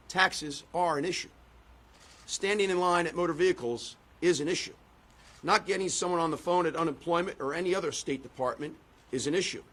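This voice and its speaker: Bright-voiced man giving a rhetorical speech. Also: on the high side. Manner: rhetorical, repeats phrases for emphasis. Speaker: political candidate. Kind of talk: concession speech and press questions.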